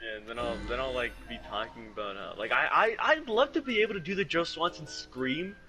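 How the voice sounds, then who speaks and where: A man's voice: mid-range voice, animated, a little fast, pushed and bright, faint music behind. A man co-hosting a casual podcast, rambling and self-deprecating. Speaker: podcast co-host. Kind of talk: casual chat.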